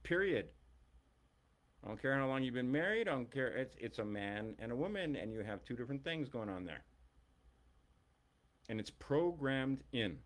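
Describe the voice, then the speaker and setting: A middle-aged man and longtime teacher giving a blunt, emphatic, profane ranting monologue. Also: medium pitch.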